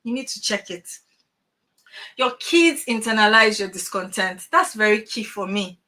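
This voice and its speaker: A middle-aged woman giving an animated motivational talk to parents over a video call, full of emphatic rhetorical questions. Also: mid-range voice, normal speed. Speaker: transformational coach.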